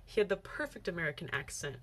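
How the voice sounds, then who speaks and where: A young woman vlogger casually telling a story to camera, animated and chatty, acting out what her friends said. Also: lowish voice, fast talker, husky.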